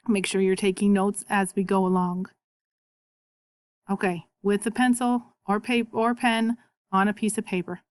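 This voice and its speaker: A woman teaching a recorded video lesson as a Spanish teacher, patiently repeating words slowly so learners can copy the pronunciation. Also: medium pitch, a little mellow, dry recording.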